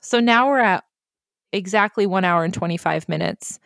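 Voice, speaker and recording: A woman co-hosting a casual movie recap chat, animated and quick to laugh, swearing freely. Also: lowish voice, gravelly, no echo, clean studio sound. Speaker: podcast co-host.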